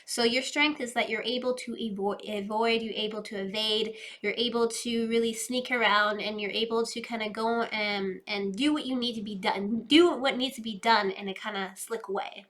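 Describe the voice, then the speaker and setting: A woman doing a casual, chatty tarot reading, fast-talking and loose, addressing her viewers directly. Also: a little high, fairly even intonation, fairly bright tone. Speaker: tarot reader.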